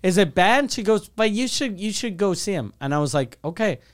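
Smooth-voiced man rambling through a profane story. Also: sits high, animated, a little fast. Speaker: comedian telling a story. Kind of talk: casual chat.

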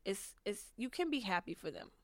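A woman's voice: medium pitch, big pitch swings, a little fast, no echo. A woman vlogger giving frank, rambling advice to viewers in a casual chat, full of fillers and restarts. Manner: frank and profane. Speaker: vlogger answering viewer questions.

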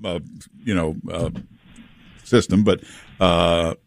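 A man's voice: low-pitched, slow, no room sound. A male talk radio host chatting with callers and guests in a sarcastic, mocking way. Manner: sarcastic, mocking, lively delivery. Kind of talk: casual talk radio banter. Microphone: studio microphone.

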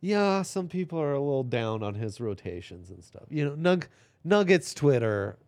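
A man's voice: medium pitch, very animated, normal speed, darkish tone, dry recording. A young man co-hosting a sports podcast, talking casually in a laid-back, rambling way. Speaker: podcast co-host.

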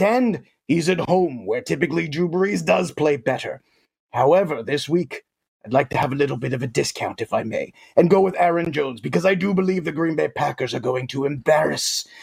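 A man's voice: fairly high pitch, creaky, darkish tone, husky. A man putting on a comic voice of a boastful alien titan villain on a sports talk show, speaking with pompous theatrical grandeur. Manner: pompous, theatrical, playful third-person boasts. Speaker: fantasy football guest in character. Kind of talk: comic character bit on a sports podcast.

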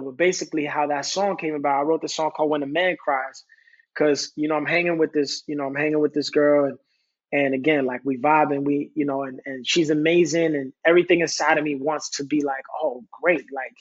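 A man with a New York accent speaks as a podcast guest, stumbling over his words and restarting his sentences as he opens up. His voice is husky and sits a little high for a man. The recording sounds dull and lo-fi. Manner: halting, repeats words and restarts, recites his own lyrics. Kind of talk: candid conversational talk.

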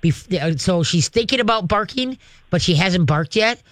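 A man's voice: sits high, animated, normal speed, a bit bright, no echo. A man hosting a call-in radio show, giving direct, folksy dog-training advice and acting out firm commands with growls.

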